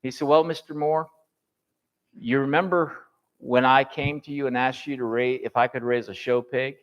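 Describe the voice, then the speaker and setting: A man's voice: mid-range voice, normal speed, dull audio. Folksy man telling a story to a church class. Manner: folksy anecdotal storytelling, quotes others in lively bursts. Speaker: boys home director speaking at church class.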